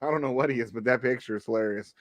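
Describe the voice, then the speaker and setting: A man's voice: mid-range voice, racing, a crowd in the background. A man co-hosting a podcast in casual chat, telling rambling stories and slipping into voices, over a call mic. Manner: rambling storyteller, animated, doing voices. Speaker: podcast co-host. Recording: faint background music.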